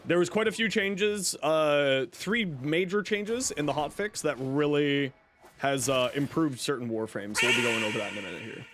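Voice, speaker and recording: A man's voice: fairly high pitch, normal speed. A young man streaming a video game, chatting casually with his viewers while he plays. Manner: chatty, answers chat while playing. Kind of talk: casual gaming livestream chat. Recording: game audio and background noise.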